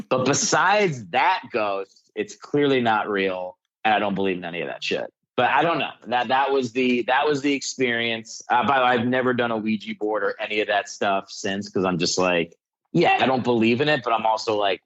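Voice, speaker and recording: A man with a lowish voice tells a story in a loose, rambling way, full of filler words. He is a comedian calling in to the show. His voice comes through muffled, lo-fi call-in audio. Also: normal speed, a bit bright. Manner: rambling, heavy use of "like" fillers. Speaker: comedian guest. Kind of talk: casual storytelling. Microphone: calling in remotely.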